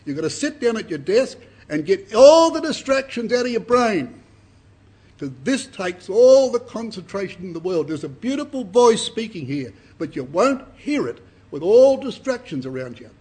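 A man's voice: sits high, big pitch swings, normal speed, darkish tone, slightly rough. An older man, giving an earnest, emphatic Bible sermon to a congregation and often repeating his words. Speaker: Bible speaker.

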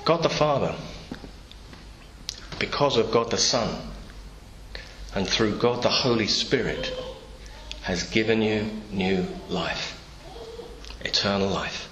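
A man's voice: lowish voice, takes it slowly, long pauses, a bit bright, a little hiss or hum. A man preaching a sermon in a church, telling the story through imagined dialogue. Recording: echoey church room, faint ambience.

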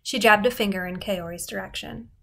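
A woman reads a novel aloud in installments, with a mid-pitched voice. Her narration is steady and expressive, and it moves evenly through the story. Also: fairly quick, creaky, slight background noise. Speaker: reader.

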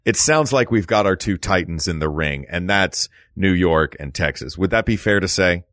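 A man hosting a podcast, chatting and joking in an animated way. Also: low voice, moderate pace, dry recording, studio quality. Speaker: podcast host. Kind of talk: casual chat.

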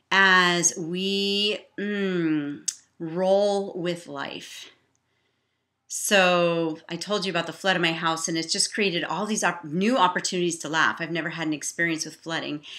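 A woman teaching a guided laughter exercise, cheery and encouraging, breaking into loud laughs and cheers. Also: on the low side.

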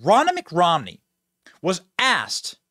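Dude hosting a political show, high lively voice, bright and punchy, super dry sound. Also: male voice, no echo. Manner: emphatic, fast-talking, addresses audience directly. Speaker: political commentary host.

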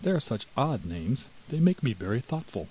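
A man's voice: very animated, moderate pace, a little mellow, slight background noise, close to an everyday voice, rough recording. A man voicing a timid, fretful female house mouse in a storybook reading. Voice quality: high and anxious.

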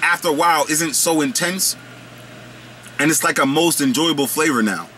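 A man's voice: on the high side, moderate pace, bright, forceful tone, slight background noise. Slangy, playful snack-review guy. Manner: slangy, playful, riffs and rambles. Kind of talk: casual snack review vlog.

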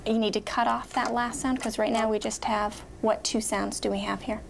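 A woman with a gravelly voice tutoring a student one-on-one, speaking patiently and encouragingly. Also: a little high, little pitch movement, moderate pace, background noise. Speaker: reading tutor.

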